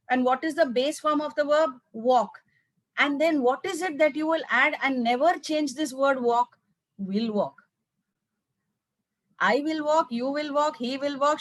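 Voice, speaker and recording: A woman from South India speaks with a Tamil accent, coaching English teachers in an emphatic, repetitive way. She acts out little teacher-and-child exchanges as she goes. Her fairly high voice sounds dry and close to the mic. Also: no room sound. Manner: emphatic, repeats words, acts out classroom dialogues. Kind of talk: teacher training talk.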